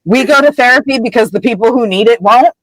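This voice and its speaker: A woman's voice: on the high side, a little fast, no room sound, poor audio. A woman hosting a podcast in casual chat, bantering, swearing and mimicking people for laughs. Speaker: podcast host.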